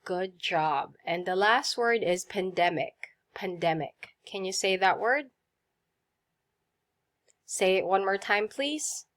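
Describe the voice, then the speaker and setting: A woman leads a vocabulary lesson at an unhurried, deliberate pace. She pronounces each word with care, has her listeners repeat it, and answers with quick praise. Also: medium pitch, animated, fairly bright tone. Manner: slow, clear drills with repeat prompts and praise. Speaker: teacher.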